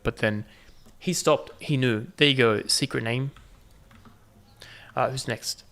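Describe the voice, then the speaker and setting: A man talks his way through a game in a loose, chatty commentary. His voice has a gravelly rasp and sits at an ordinary middle pitch. He keeps throwing playful asides to his viewers. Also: moderate pace, a bit bright. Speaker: gaming channel host. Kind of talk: casual gameplay commentary.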